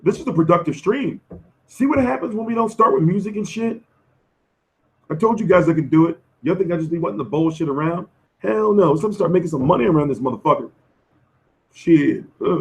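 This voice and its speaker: Hoarse man chatting boxing on a stream. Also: fairly high pitch, brisk. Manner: loose, profane, slangy banter answering chat. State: losing his voice. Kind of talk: casual live-stream chat.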